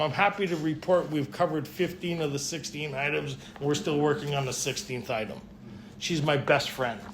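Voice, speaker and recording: A middle-aged man speaking at a recovery retreat, telling his story in an animated way and acting out the dialogue. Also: a little high, slight background noise.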